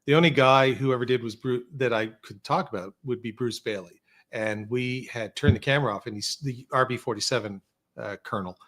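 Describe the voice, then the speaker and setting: A man's voice: medium pitch, fairly quick, fairly bright tone. Chatty man telling long stories. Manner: rambling anecdotes with restarts and quoted dialogue. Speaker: podcast guest, filmmaker. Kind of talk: casual storytelling chat. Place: studio.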